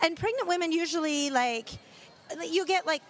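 A woman's voice: very high-pitched, normal speed. A woman hosting a podcast, telling frank stories in casual chat and laughing often. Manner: candid storyteller, laughs often. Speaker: podcast host.

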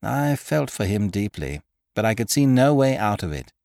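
Animated male storyteller, dry close sound. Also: fairly low pitch, normal speed, gravelly, no echo. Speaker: narrator. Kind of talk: audiobook reading of a classic story.

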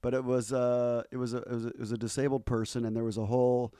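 A man in easygoing conversation, his voice mellow and a little dark. He rambles through stories with plenty of fillers and false starts. The sound is close and dry. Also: mid-range voice, flat delivery, fast talker, smooth, no echo. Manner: rambling storyteller with frequent fillers and restarts. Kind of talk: casual chat.

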